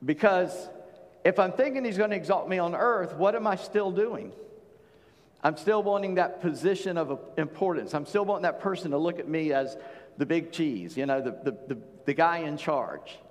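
A man's voice: on the high side, lively intonation, moderate pace, big-room sound. A man preaching a sermon in a folksy, conversational way, with plain-spoken asides to his congregation. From Charleston, South Carolina. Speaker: pastor.

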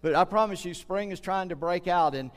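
Older man, pastor preaching, earnest, slightly high voice, long hall echo. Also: clear, resonant tone. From United States. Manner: earnest, slows down to stress key words. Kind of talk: sermon.

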